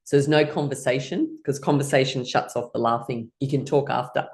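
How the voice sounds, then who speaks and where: A woman's voice: very deep voice, steady tone, a little fast, a little mellow. A middle-aged woman teaching a guided laughter exercise class, playful and laughing often as she leads rhythmic ha-ha chants.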